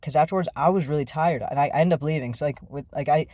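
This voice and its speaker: A man's voice: a little high, quick pace, darkish tone, dry recording, clean studio sound. A man telling a personal story in a casual, rambling way, with many fillers and restarts. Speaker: vlogger.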